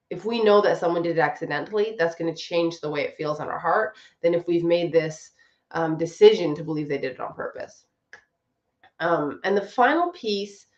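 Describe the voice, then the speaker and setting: A woman marriage coach giving casual advice in a conversational way, often acting out what other people say. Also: fairly low pitch. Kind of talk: casual advice talk to camera. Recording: roomy, slightly dull recording.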